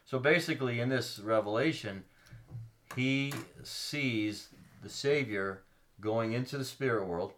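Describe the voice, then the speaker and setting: A man's voice: mid-range voice, unhurried, a bit bright, a little hiss or hum. A man co-hosting a casual faith podcast, reading scripture aloud and explaining it earnestly, stopping with ums to find his place. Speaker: podcast co-host.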